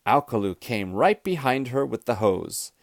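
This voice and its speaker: A man reading a children's storybook aloud, clear, expressive and deliberate. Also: medium pitch, dry recording, clean studio sound. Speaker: storybook reader.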